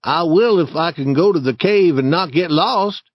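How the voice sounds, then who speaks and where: A man's voice: on the high side, moderate pace, dry recording, muffled recording, voice pushed up, lightly acted. A man voicing a timid, superstitious young boy in an audiobook, with hesitant, nervous speech.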